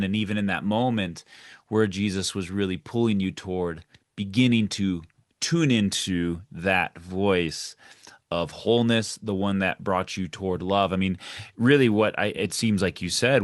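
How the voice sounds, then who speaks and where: A man's voice: on the low side, dry recording, clean studio sound. A man hosting a podcast, responding in an affirming, reflective way. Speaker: podcast host. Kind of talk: conversational podcast interview.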